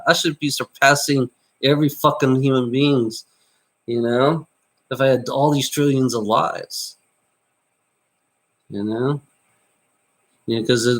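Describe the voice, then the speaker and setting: A man vlogging in a rambling monologue, repeating himself, swearing and tagging nearly every line with "you know?". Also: fairly bright tone. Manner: voice jumps high on exclamations.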